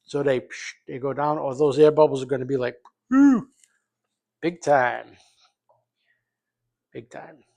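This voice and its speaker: A man's voice: mid-range voice, flat delivery, brisk, gravelly, hardly any pauses, a little mellow. A middle-aged man from Rhode Island, rambling loosely and swearing as he makes a recipe in his home kitchen. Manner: rambling, profane, loose and jokey. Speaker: home cook vlogger. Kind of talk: casual cooking vlog.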